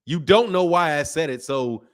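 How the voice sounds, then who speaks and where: Man, stream host, casual chat, animated, slangy, laughs often, a bit higher voice. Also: normal speed. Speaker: boxing channel host. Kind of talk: casual live-stream chat reading viewer comments.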